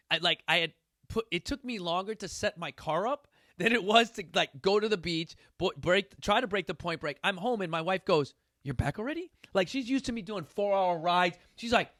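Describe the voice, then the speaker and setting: Middle-aged guy hosting a talk show, pretty high voice, gets loud and animated telling his story. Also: normal speed. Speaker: podcast host. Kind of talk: storytelling in casual chat.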